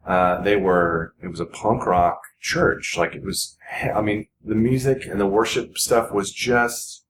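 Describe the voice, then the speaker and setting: Speaking at a measured pace with fairly even intonation, this podcast guest, a man in his forties with a somewhat low voice, is earnest yet rambling and often restarts. The casual conversation sounds roomy and echoey, with clear background noise.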